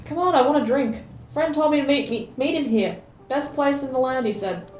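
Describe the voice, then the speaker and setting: A woman's voice: high voice, normal speed, noisy background. A woman playing a tabletop game in character, pushy and playful. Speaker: player. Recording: dull echoey audio with loud music.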